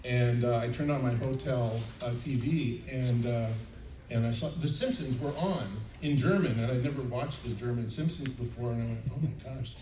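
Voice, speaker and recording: An older man chatting on a convention panel, halting with many fillers and restarts. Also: medium pitch. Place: convention hall panel stage. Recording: roomy, distant, faint crowd noise.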